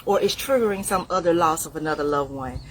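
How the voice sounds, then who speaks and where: A middle-aged woman speaking, giving a preachy, animated motivational talk straight to the viewer. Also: deep voice, quick pace, background noise. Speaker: inspirational speaker.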